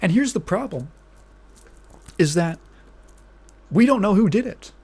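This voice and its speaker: Slow-talking, outraged podcast host. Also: medium pitch, lively intonation, darkish tone, husky. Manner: outraged, incredulous and profane, repeating phrases, with bursts of laughter. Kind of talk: casual podcast rant.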